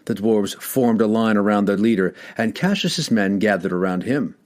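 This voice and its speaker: A man narrating a fantasy audiobook in a dramatic, expressive storytelling manner. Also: lowish voice, normal speed.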